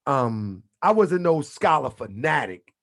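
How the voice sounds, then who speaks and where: A man's voice: mid-range voice, big pitch swings, measured pace, creaky, fairly bright tone. A man hosting an online show, talking loosely and in slang to his viewers as family, live from his home computer setup. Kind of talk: casual livestream talk.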